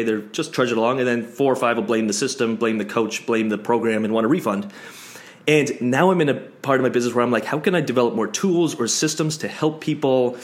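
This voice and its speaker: A man hosting an interview, asking long winding questions and thinking out loud about his coaching business. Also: medium pitch. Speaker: podcast host, business coach. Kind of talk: casual conversational interview.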